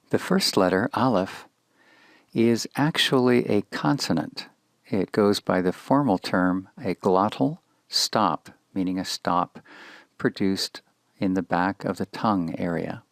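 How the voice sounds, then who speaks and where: A low, gravelly male voice teaches Hebrew pronunciation. He is slow and deliberate, patiently naming each letter in turn. The sound is dry and close to the mic. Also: no echo. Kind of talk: slow instructional lesson.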